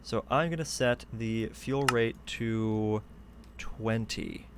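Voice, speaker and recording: Male game streamer, mid-pitched, eager and chatty, thinking aloud as he plays; desk mic at home. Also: takes it slowly, noisy background. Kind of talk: live gameplay commentary. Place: hot room at home.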